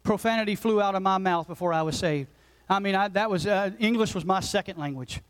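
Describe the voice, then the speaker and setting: A man in his forties, a pastor preaching a passionate sermon that swings between loud urgency and hushed intensity. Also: high voice, fairly quick, poor audio. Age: 40s. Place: church sanctuary.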